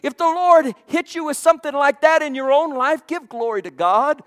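A pastor preaching a sermon with fervor, repeating phrases and dropping from loud exclamations to hushed asides. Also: high voice, normal speed.

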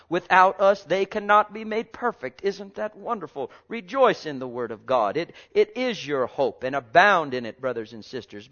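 A man preaching a fervent sermon, calling out to the congregation, dropping to soft low words and rising to loud high exclamations. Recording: dull lo-fi recording.

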